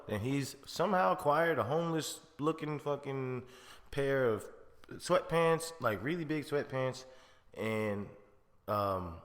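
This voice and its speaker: A man's voice: mid-range voice, big-room sound. A man hosting a podcast, reviewing a film in a rambling, profane, slangy way with frequent laughs. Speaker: podcast host. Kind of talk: casual film review chat.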